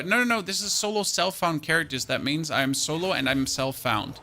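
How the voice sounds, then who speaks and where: A man's voice: fairly high pitch, expressive, brisk, bright, forceful tone, soft background music. A young man streaming a game, thinking aloud about his build and thanking viewers in a chatty way. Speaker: gaming streamer. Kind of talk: live-stream gameplay commentary.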